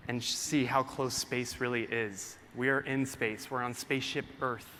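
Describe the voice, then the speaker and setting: Guy telling a heartfelt story on stage, bright voice, faint room hum. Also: mid-range voice. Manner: emotional, earnest storytelling. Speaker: photographer giving a talk. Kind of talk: live stage talk. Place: stage before a cheering audience.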